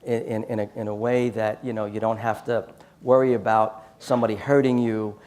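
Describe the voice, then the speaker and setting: A man's voice: on the low side, flat delivery, brisk, darkish tone. A man giving a storytelling talk at a church conference, acting out quoted dialogue in his anecdotes. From United States.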